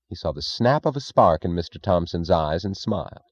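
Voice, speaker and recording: Deep-voiced male audiobook narrator. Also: lively intonation, a little fast, few pauses, no room sound, dull audio.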